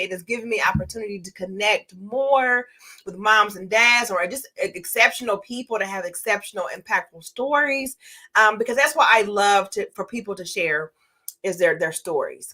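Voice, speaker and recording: A woman's voice: mid-range voice, bright, forceful tone. A woman who is a public speaker, talking earnestly as a guest on a podcast, with plenty of fillers. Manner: earnest, encouraging, many fillers. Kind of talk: casual interview chat.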